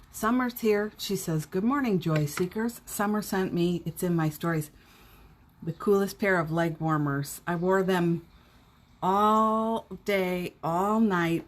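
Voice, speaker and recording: A middle-aged woman hosting a casual morning live stream from home, cheerfully greeting viewers by name and chatting. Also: deep voice. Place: home indoors.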